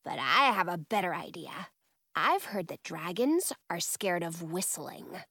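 A woman voicing a mischievous, teasing boy, dropping her voice low and calm for him. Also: measured pace, vocal fry, dry recording, studio quality, heavily acted. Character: mischievous playful boy who teases.

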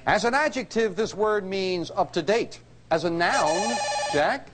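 A man hosting a television quiz show, reading clues and scores in a brisk, upbeat way. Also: high-pitched. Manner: upbeat, reads clues crisply. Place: TV studio with live audience. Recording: noisy broadcast with loud audience.

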